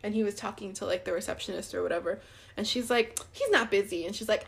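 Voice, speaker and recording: Podcast co-host, young woman, casual storyteller, a bit higher voice, acts out every quote. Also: a little fast. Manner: chatty, many "like"s, acts out quoted dialogue.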